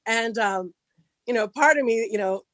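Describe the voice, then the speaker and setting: A middle-aged woman from Southern California, a podcast guest telling a personal story casually and acting out the dialogue, her voice rising high when excited. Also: normal speed, no room sound.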